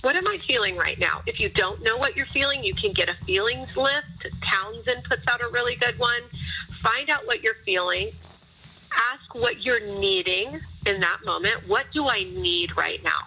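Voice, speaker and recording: Bright-voiced woman, earnest counselor. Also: a little high, moderate pace, slight background noise, poor audio. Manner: earnest, preacherly, rhetorical questions. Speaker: guest counselor. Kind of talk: faith-based podcast conversation.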